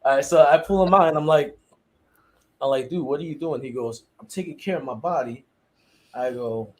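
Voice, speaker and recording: A man's voice: on the high side, normal speed, pauses often, a little mellow. A man co-hosting a podcast, telling a funny jail story and mimicking the people in it. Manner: laughing, mimics voices in anecdotes. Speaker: podcast co-host, former corrections officer. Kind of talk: casual storytelling chat.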